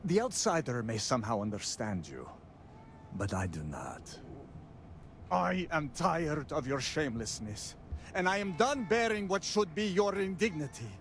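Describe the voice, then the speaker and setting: An indignant, furious brother. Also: male voice, on the high side, big pitch swings, a little slow, fairly bright tone, a little hiss or hum, exaggerated voice. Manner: stern, indignant, formal speech. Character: proud, furious adult man shaming his brother.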